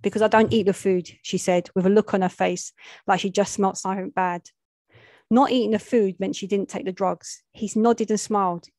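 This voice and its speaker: A woman narrating a gritty urban story. She reads in a plain, steady, medium-pitched voice and drops easily into street slang. The recording is close and dry. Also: moderate pace, no room sound. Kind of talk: reading a gritty first-person-style short story aloud.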